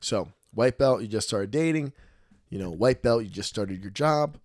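A man's voice: on the low side, moderate pace, no echo, clean studio sound. A middle-aged man chatting casually as a podcast host, telling stories and acting out the voices of people in them. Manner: animated storyteller, acts out voices. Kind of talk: casual chat.

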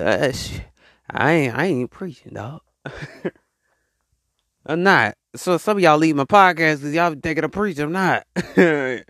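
A man hosting a solo podcast, talking in an animated, preachy way and calling out to his listeners. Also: mid-range voice, no room sound, clean studio sound. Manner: animated, preachy, call-and-response asides to listeners. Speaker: podcast host. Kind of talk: casual solo podcast monologue.

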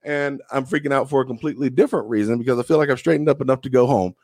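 A man's voice: medium pitch, very fast, darkish tone, dry recording. Profane, storytelling young man, dry sound. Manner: profane, drawling anecdotes with acted-out quotes. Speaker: podcast co-host. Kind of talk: casual storytelling chat.

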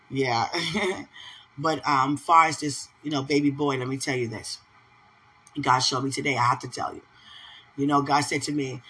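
A bright, slightly husky woman speaks in casual podcast chat. She talks affectionately to a partner, playful and animated. Laughter breaks through her speech often. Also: extremely low pitch, low-quality recording. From United States. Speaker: podcast host.

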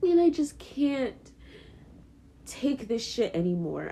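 A woman's voice: a little high, sing-song, slow, creaky, dark tone, slight background noise. A young woman on a podcast, venting in a raw, profane, repetitive way about her family. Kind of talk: emotional podcast monologue.

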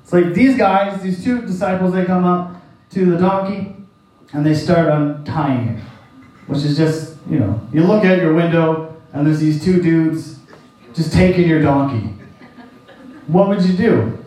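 A man with a fairly high voice gives a relaxed, folksy sermon, often chuckling and slipping into the voices of the people in his story. He sounds a bit far from the mic, and his voice rings around a very echoey room. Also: unhurried, long pauses. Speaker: preacher. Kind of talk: conversational sermon.

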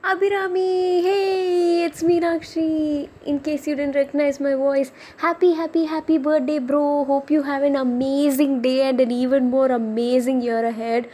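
A woman's voice: high-pitched, fairly even intonation, moderate pace, few pauses, dark tone. A young woman, playful and rambling, recording a birthday voice message for a friend.

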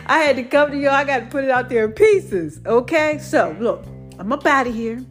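A woman hosting her own faith podcast in a casual, preachy monologue, animated and laughing often. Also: sits high, moderate pace, soft background music. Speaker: podcast host.

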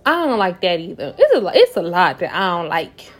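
A young woman talking to camera in a casual personal monologue, swinging between soft musing and loud, emphatic outbursts. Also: on the low side, wildly swooping pitch, a little fast.

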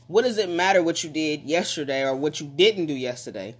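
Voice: mid-range voice, lively intonation, fairly quick, breathy edge. A speaker giving a casual motivational monologue about relationships, talking emphatically with lots of repetition and building to passionate pushes.

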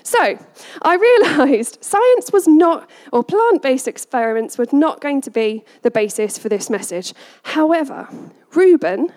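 A woman shares a family story in a lively storytelling talk, often laughing and slipping into quoted voices. Her voice sits high. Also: a little slow. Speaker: parent giving a message.

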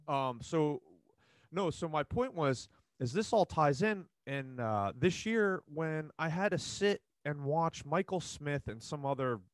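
A man hosting a casual podcast, rambling and animated with many restarts. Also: on the high side, measured pace, no room sound. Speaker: podcast host.

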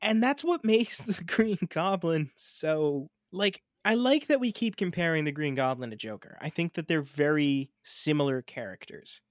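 A man co-hosting a podcast in casual chat, quick, opinionated and profane. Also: a little high, lively intonation, dry recording, clean studio sound. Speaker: podcast co-host.

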